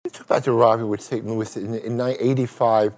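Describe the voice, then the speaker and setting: A man's voice: mid-range voice, level tone, quick pace, darkish tone. A man hosting an interview podcast, telling a story and asking rambling questions with restarts. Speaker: podcast host.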